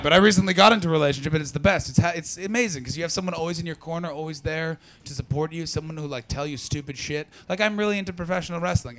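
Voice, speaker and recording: Male stand-up comic, Canadian, brash and swearing, bright forceful voice, crowd work. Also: fairly high pitch. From Ottawa Valley, Canada. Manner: brash, profane, teasing the audience. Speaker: stand-up comedian.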